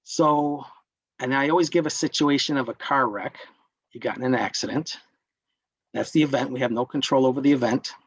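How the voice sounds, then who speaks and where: Lively man teaching a workshop, muffled recording. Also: mid-range voice, moderate pace, slightly rough, no echo. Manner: animated, questions the group. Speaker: workshop instructor. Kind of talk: interactive classroom lecture.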